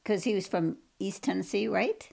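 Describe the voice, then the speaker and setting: A woman joining a podcast chat from off-mic, gently correcting the host. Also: medium pitch, normal speed, creaky. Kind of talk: casual chat.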